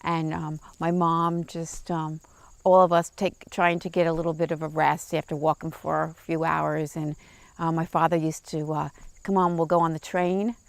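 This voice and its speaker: A woman sharing an emotional childhood memory, halting and choked up at times, in a documentary interview. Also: low-pitched, completely flat delivery, gravelly, no echo. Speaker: former visitor, now a parent.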